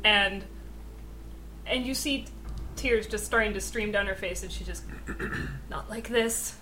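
Hesitant woman player, bright voice. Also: medium pitch, normal speed, slight background noise, rough recording. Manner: hesitant, stammering. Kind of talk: describing her character in a tabletop game.

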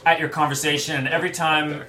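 A man narrating a tabletop role-playing game as game master, telling the scene in a rambling, animated way with many fillers. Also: on the high side, fast talker, noisy background.

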